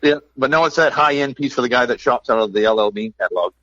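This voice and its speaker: A man's voice: mid-range voice, fast, pushed and bright, dry recording. Chatty man on a dull dry mic. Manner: chatty, storytelling, upbeat. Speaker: game call maker, podcast guest. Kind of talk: casual podcast chat.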